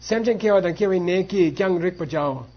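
A husky, high-pitched man leads a class, acting out both sides of a debate and dropping in Tibetan phrases. The recording sounds dull and lo-fi. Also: moderate pace. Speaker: Buddhist philosophy teacher. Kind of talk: teaching a class on monastic debate.

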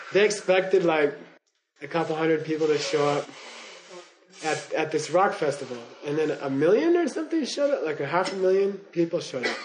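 A man's voice: a little high, slight background noise, poor audio. An older man teaching a class, telling digressive stories, chuckling and checking in with "okay?" and "you know?". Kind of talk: lecture to students.

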